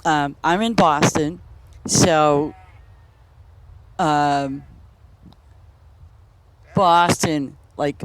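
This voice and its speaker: A woman's voice: low voice, noisy background. A woman chatting casually while she streams a game, rambling from story to story and laughing often. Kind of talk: casual chat while playing. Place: home, in Boston.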